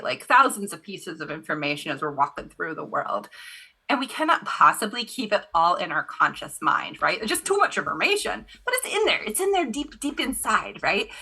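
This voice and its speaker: A woman guest in a casual interview, talking about tarot reading in an animated storytelling way, full of "you know" fillers. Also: fairly low pitch, breathy edge.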